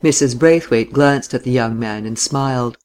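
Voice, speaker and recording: A man narrating a novel in a steady, even reading voice. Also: mid-range voice, normal speed, smooth. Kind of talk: audiobook reading.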